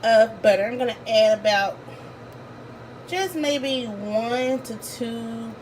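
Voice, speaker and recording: A woman's voice: a little high, slow pace, a little mellow. A young woman, chatting through a home cooking tutorial and calling the viewers y'all. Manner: chatty, addresses viewers as y'all and you guys. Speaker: cooking vlogger. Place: home kitchen. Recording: slightly distant camera mic, faint room noise.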